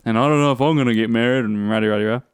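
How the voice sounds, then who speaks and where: A man's voice: mid-range voice, very fast, smooth, dry recording. New man telling a story. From New Zealand. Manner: animated storyteller, acts out the people he quotes. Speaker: podcast co-host. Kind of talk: casual chat.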